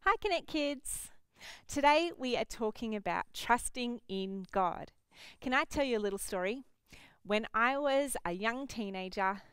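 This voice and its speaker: A woman's voice: on the high side, a bit bright, clean tone, dry recording. A woman pastor teaching children at an online church service, speaking directly to the kids in an encouraging way.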